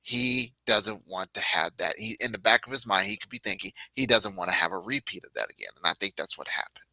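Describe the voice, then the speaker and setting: Bright-voiced man talking fight analysis. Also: fairly low pitch, fairly quick, no echo, rough recording. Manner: animated, emphatic storytelling. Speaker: podcast co-host. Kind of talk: casual sports chat.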